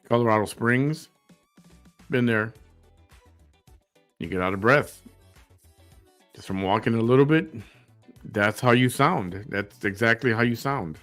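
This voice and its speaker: A man's voice: mid-range voice, a bit bright. A man hosting a reaction commentary show, sarcastic and mocking.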